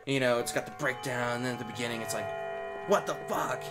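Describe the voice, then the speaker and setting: A man's voice: mid-range voice, rapid-fire. A man co-hosting a gaming video, chatting casually and telling stories with lots of swearing over game music. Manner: animated storyteller, swears a lot, loud sudden shrieks. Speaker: gaming co-host. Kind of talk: casual let's play chat.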